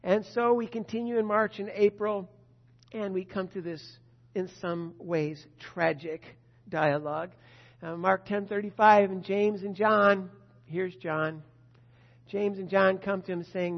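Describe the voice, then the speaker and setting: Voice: mid-range voice, steady tone, measured pace, long reverb tail, dull audio. A preacher giving a sermon, retelling scripture as a story and asking the listeners rhetorical questions. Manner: storytelling with rhetorical questions, addresses a disciple directly.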